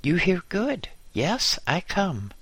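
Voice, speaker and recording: A man reading a story, voicing an excitable French mechanic who shouts in clipped broken English. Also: mid-range voice, slow, slightly rough, dry recording, full character voice. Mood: excited shouting.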